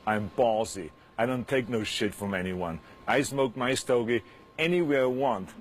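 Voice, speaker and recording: A man's voice: mid-range voice, normal speed, soft background music, close to an everyday voice. A man voicing a cocky, swaggering male pirate with a cigar, boasting in a brash way. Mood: boastful.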